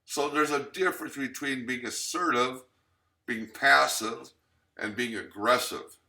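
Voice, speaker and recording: A man's voice: medium pitch, a little slow, creaky, pushed and bright. A man giving a recorded training lecture as instructor, teaching plainly with fillers and restarts.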